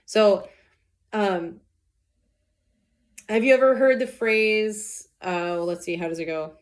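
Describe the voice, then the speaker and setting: A woman's voice: mid-range voice, slow, pauses often. A woman teacher reading a play aloud and explaining it casually, with many fillers.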